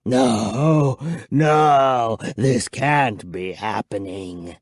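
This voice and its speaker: A man voicing a desperate old male vampire count who speaks slowly in a hoarse, rasping voice. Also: mid-range voice, dry recording, clean studio sound, voice pushed down. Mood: desperate menace. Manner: slow, pleading, menacing.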